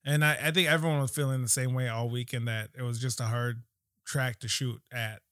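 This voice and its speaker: A man co-hosting a podcast in casual, laid-back chat, filling pauses with "like" and "um". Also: mid-range voice, steady tone, fairly bright tone, clear, resonant tone, dry recording, clean studio sound. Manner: laid-back, lots of fillers like 'like' and 'um'. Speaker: podcast co-host.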